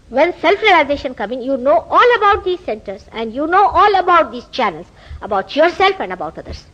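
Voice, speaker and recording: A woman with an Indian English accent gives a spiritual lecture, telling stories and animatedly acting out the quoted dialogue. Her voice sits high, and the recording is muffled.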